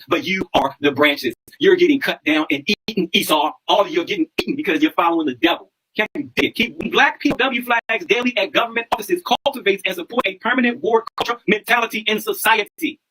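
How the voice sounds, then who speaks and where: Man, livestream host, high voice, husky, preachy, repeats himself. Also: sharp tone, rough recording. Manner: preachy, repeats lines, asks listeners if they understand. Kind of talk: numerology livestream monologue.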